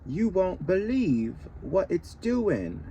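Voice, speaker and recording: A man putting on a shrill British boy. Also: sing-song, slow pace, gravelly, slight background noise, full character voice. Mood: excited. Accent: put-on British. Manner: shrill, loud calling. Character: excited British boy shouting for a friend.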